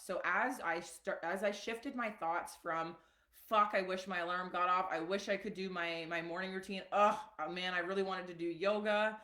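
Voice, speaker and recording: Woman wellness coach, live-stream talk, chatty, lowish voice, roomy echo. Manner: chatty and animated, with many fillers and asides. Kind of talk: casual live-stream teaching.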